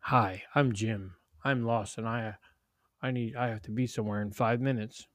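A man doing a gruff, halting stranger. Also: medium pitch, steady tone, no echo, clean studio sound, natural voice. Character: woman posing as a gruff lost stranger.

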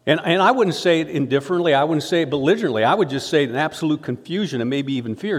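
Earnest pastor preaching in a reverberant hall. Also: male voice, a little high, fast talker. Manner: earnest, builds to emphatic rises. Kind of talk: sermon.

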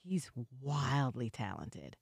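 A woman, an actress, chatting in a podcast interview, effusive and gushing, with lots of fillers and big swings in pitch. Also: big pitch swings, takes it slowly, gravelly, a little mellow, breathy edge, dry recording, studio quality. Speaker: actress guest.

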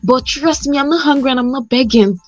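A woman in casual conversation, telling a story in an animated, insistent way. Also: sits high, a little fast, soft background music. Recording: muffled lo-fi sound.

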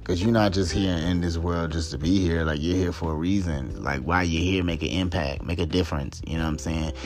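A man's voice: low-pitched, a little fast, faint music behind. A man hosting a solo talk show, ranting in a heated, profane and emphatic way and hammering his points home by repeating them. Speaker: podcast host. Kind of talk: solo commentary rant.

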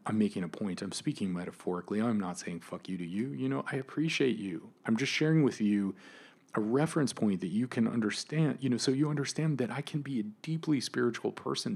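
A man hosting his own podcast, ranting with anger and frequent swearing, swinging between loud outbursts and quiet asides. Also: mid-range voice, breathy edge. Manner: angry, emphatic, swears often, swings between loud and soft. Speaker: podcast host. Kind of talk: impassioned solo podcast rant.

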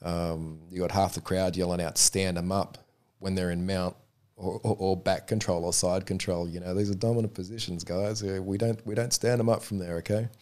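A man's voice: deep voice, steady tone, a little fast, dark tone. A man, a referee guest talking frankly and easily, often repeating words as he thinks. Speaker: MMA referee, interview guest. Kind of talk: casual interview chat.

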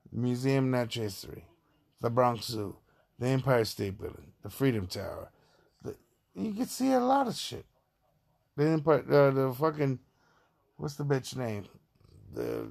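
A man's voice: medium pitch, creaky. A man from Far Rockaway, Queens, with a New York accent, talking through a profane, rambling opinion monologue as a podcast host.

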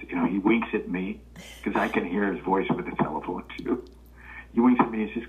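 A man's voice: deep voice, fairly quick. Older man telling stories over a tinny line. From Los Angeles, California. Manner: relaxed anecdotal storytelling, acting out quoted voices. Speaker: guest. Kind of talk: storytelling interview. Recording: tinny phone-line sound.

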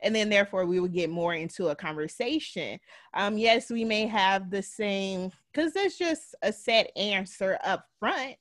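A woman's voice: medium pitch, lively intonation, unhurried, fairly bright tone, no echo, studio quality. A woman on a podcast, chatting casually in a direct, matter-of-fact way. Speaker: podcast host.

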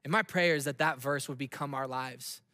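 A man in his thirties preaching a sermon, telling a story conversationally with quick asides and light laughs. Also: medium pitch, pushed and bright, clean studio sound. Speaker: pastor. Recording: long hall reverb.

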